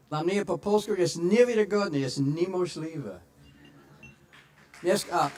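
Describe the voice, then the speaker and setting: An older American man giving a keynote talk on stage, joking and self-deprecating, stumbling through some halting Polish before switching back to English. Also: fairly high pitch, a little mellow. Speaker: keynote speaker.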